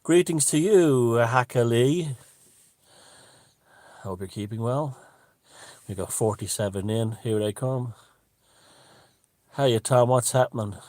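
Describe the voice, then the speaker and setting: A man hosting a casual live stream from a room at home, greeting viewers and chatting in a relaxed way. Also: medium pitch, slow, long pauses, no room sound. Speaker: livestream host. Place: room at home with the window open.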